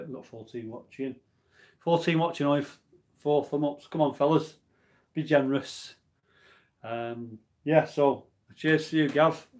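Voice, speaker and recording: Drifting from one thought to the next, this forties-aged homebrew channel host chats casually on his live stream and responds to viewer comments along the way. His voice sits at an ordinary middle pitch, and his tone is relaxed and homely.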